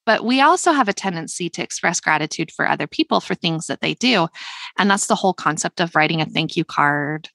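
A woman's voice: fairly low pitch, animated, gravelly, a bit bright, dry recording. Earnest woman in a dry close podcast recording. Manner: earnest, reflective, slows down for emphasis. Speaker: podcast co-host. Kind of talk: casual podcast chat.

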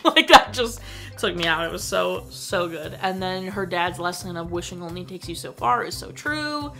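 A woman's voice: mid-range voice, expressive, normal speed, gravelly, fairly bright tone, faint music behind. A young woman talking casually and enthusiastically as she reviews a film, full of "like" fillers. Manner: gushing, enthusiastic, frequent "like" fillers. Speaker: movie reviewer. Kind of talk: casual chat.

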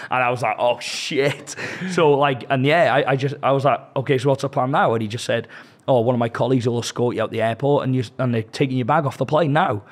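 A young British man, a podcast guest, telling animated anecdotes in casual chat. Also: mid-range voice, fast. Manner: chatty, animated anecdotes with quoted dialogue.

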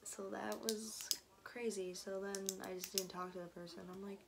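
A woman's voice: fairly low pitch, level tone, normal speed, background noise. A young woman vlogger telling a story in a casual, rambling way, full of fillers and restarts, and now and then she drops to a whisper.

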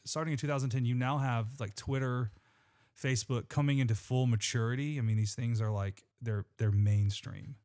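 This male podcast co-host reads scripture and makes casual conversation, earnest and rambling with restarts. He keeps a steady tone at a normal speed, his medium-pitched voice slightly dark.

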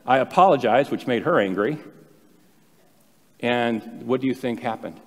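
In a church sanctuary with long hall reverb, a male pastor preaches a sermon in a mid-range, slightly slow voice. He tells stories conversationally, dropping in self-deprecating asides.

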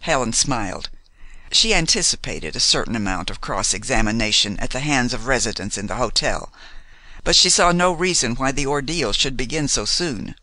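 A man narrating an audiobook in a measured, formal manner. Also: mid-range voice, animated, pushed and bright, no room sound.

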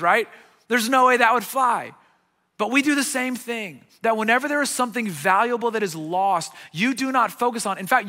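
A middle-aged man preaching a sermon as a guest pastor, telling a story with lively acted-out voices. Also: high-pitched, big-room sound. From United States. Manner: animated storyteller, acting out quoted voices. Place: church sanctuary.

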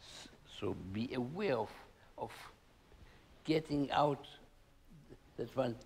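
A man's voice: mid-range voice, slow, a little mellow, slight background noise. A man teaching a piano master class, giving short spoken instructions and singing rhythm syllables to show the phrasing. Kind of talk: coaching a student at the piano. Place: concert hall. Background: piano playing.

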